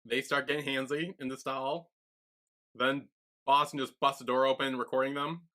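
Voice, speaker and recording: Bright-voiced man recapping a TV show. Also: medium pitch, flat delivery, normal speed. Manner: retells scenes, acting out characters' lines. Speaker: podcast co-host. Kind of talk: casual TV recap chat.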